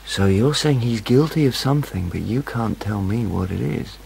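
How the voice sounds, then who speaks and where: A man's voice: on the low side, expressive, moderate pace, gravelly, darkish tone, slight background noise. An actor playing a bewildered, anxious male writer who stammers and talks in a flustered way in a radio drama.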